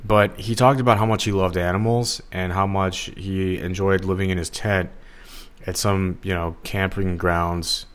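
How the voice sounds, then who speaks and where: A man's voice: sits low, steady tone, unhurried. A man hosting a solo podcast, talking in a rambling, digressive, casual way with lots of fillers. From Los Angeles area. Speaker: podcast host.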